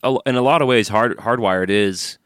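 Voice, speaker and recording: A man's voice: lowish voice, moderate pace, a bit bright, no room sound, clean studio sound. A man co-hosting a podcast in casual chat, upbeat and crude-humored, plugging the show and reading emails. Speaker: podcast co-host. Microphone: studio microphone.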